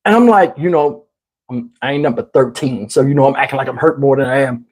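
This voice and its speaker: A man casually telling a personal story, animated and slangy, often breaking into laughter, on a lapel mic. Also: medium pitch, fairly quick. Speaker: channel host telling a story. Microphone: wireless lapel mic.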